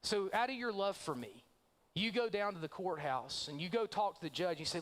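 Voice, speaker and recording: A male pastor delivering a sermon in a church, his voice sitting a little higher than most men's. He tells a long story and acts out the lines of each character, shifting his delivery for each one. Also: animated, normal speed, a bit bright. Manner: storytelling, acting out quoted voices. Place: church sanctuary.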